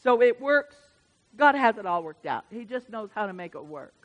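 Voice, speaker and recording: A woman preaching a sermon in church. She swings from hushed asides to loud, emphatic bursts. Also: fairly high pitch, sing-song, normal speed, muffled recording. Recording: reverberant church hall.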